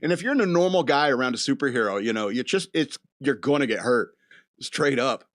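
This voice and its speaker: A man's voice: mid-range voice, lively intonation, a little fast. A man hosting a casual chat show, rambling from thought to thought with chuckles in between. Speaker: podcast host.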